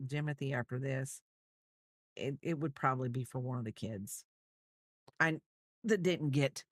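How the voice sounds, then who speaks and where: Low-voiced woman chatting on a livestream. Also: expressive, moderate pace, pauses often, a bit bright, dry recording, studio quality. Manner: rambling, chatty, thanks viewers. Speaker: crochet livestreamer. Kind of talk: casual livestream chat.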